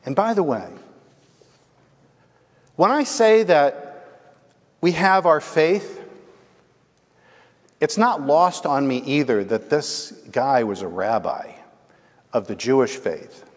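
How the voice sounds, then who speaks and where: A man's voice: medium pitch, takes it slowly, pauses often. A male pastor preaching a sermon in a conversational storytelling manner, often checking in with the congregation. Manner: conversational, animated, asks the congregation "right?". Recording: long reverb from a large hall.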